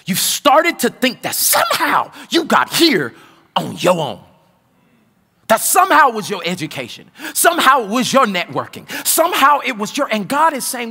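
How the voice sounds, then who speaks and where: A man delivering a sermon, his voice high and sharply bright. He swings wildly in pitch, bursting into loud peaks and then dropping to hushed, low lines. The sound rings with the long reverb of a big church hall. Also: very animated, normal speed. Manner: preaching with sudden loud outbursts and hushed low passages. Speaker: pastor.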